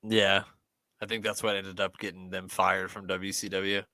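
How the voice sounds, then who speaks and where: A man's voice: low-pitched, level tone, moderate pace, creaky, bright, forceful tone, no room sound. A man co-hosting a casual podcast chat while watching wrestling, joking, laughing a lot and swearing freely. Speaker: podcast co-host.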